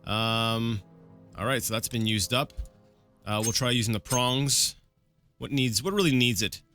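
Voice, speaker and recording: A man talks his way through a video game in a bright, forward voice, thinking out loud and restarting his sentences often. Faint game music plays under him. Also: medium pitch, unhurried. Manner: rambling and self-correcting, with frequent fillers and restarts. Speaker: let's play gameplay commentator. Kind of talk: casual live gameplay commentary.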